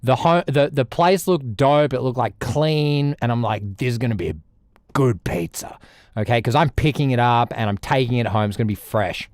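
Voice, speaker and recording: A young Australian man chatting casually on a music livestream, rambling, with loud bursts and low mutters. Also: moderate pace, few pauses, clean tone, no echo, studio quality. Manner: animated, rambling, swings between loud outbursts and mutters. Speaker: music streamer.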